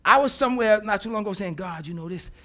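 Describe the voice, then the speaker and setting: A man preaching a sermon as pastor, swinging from hushed, soft lines to loud, emphatic repetition. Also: sits high, quick pace. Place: church.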